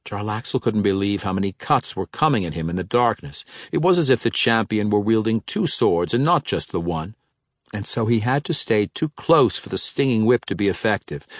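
Casting note: low-pitched male fantasy audiobook narrator, measured, dry studio sound. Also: no room sound.

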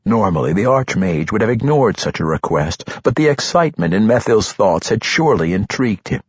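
A man narrating a fantasy audiobook in a very low, husky voice. His pitch moves a lot as he reads, measured and expressive. The recording is dry and dull. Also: no room sound.

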